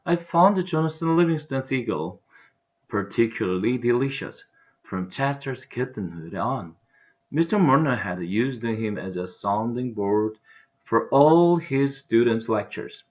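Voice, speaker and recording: A man with a Korean accent reads a children's novel aloud, his pitch rising and falling in a lively, animated way. His voice sits at an ordinary middle pitch. The recording is dull and lo-fi. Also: a little slow. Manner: expressive, animated reading. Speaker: English teacher reading aloud.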